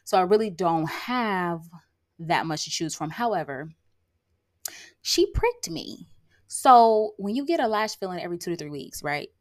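A woman from a rural area who works as a lash artist and brow tattooer hosts her own podcast, delivering a sassy, emphatic casual monologue and constantly checking in with "okay?" and "like". Her voice is on the low side and a little slow, with big swings in pitch.

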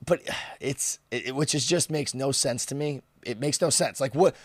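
A young man hosting a podcast, talking in an animated, casual way and swearing often. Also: medium pitch, normal speed, slightly rough, no room sound. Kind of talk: casual chat.

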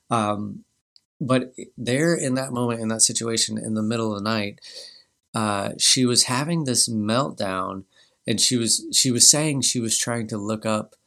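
A man in his thirties hosting a podcast, telling a personal family story in a halting way with many restarts. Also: lowish voice, creaky, fairly bright tone. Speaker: podcast host.

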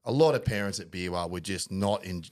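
A man's voice: deep voice, fairly quick, a little mellow. A man in casual podcast chat, reflective, steering the conversation with his co-host.

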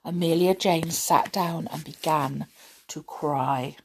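Slow expressive woman reading a children's tale. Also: low-pitched, husky. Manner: expressive, dramatic gasps. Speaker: storyteller. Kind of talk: reading a children's story aloud.

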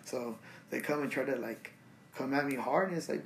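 A young man hosting a solo podcast, talking in a relaxed, slangy way as he rants about his day. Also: medium pitch, moderate pace, creaky, a little hiss or hum. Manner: relaxed, slangy and ranting, full of fillers. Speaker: podcast host. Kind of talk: casual solo podcast monologue.

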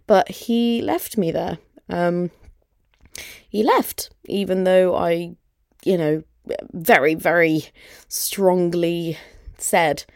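A woman's voice: on the low side, fairly even intonation, measured pace, a little mellow, dry recording, clean studio sound. A young woman hosts a podcast and tells a personal story candidly, with lots of "like" and "you know". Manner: candid, conversational, many fillers like "like" and "you know". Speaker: podcast host.

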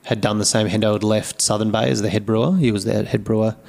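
An Australian man in casual podcast conversation, telling stories with lively acted-out quotes and casual swearing. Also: fairly low pitch, fast, vocal fry. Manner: lively storyteller who acts out quoted dialogue and swears freely. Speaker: podcast guest, craft brewery founder. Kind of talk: casual storytelling chat.

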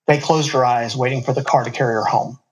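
Brief: male storyteller, mid-pitched voice, relaxed reading with casual asides. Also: fast, rough recording. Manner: casual asides between passages.

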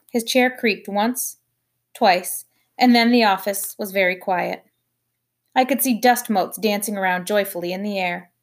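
Give me a woman with a mid-pitched voice expressively reading a children's novel aloud. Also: a little slow, gravelly. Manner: expressive first-person storytelling. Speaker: audiobook reader.

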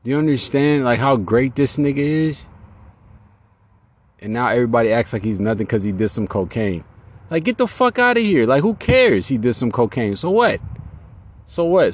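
A man hosting a podcast in a casual, profane, rambling monologue. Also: medium pitch. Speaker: podcast host. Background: loud music beat.

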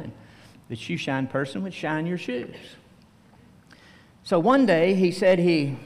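Slow-preaching pastor in a reverberant hall. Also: male voice, fairly high pitch. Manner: slow storytelling, acting out quoted voices. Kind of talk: sermon. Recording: long reverb of a church hall.

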